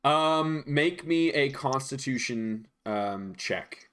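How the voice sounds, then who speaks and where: A man narrating as game master of a tabletop game, relaxed and hesitant with frequent ums. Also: mid-range voice, slow.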